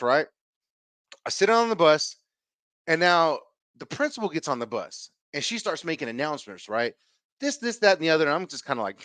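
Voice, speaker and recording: A man in his thirties hosting a podcast, telling a rambling, profane story in a casual, animated way, acting out what people said. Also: medium pitch, no room sound. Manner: animated, profane, swings loud and quiet while acting out quotes. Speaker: podcast host.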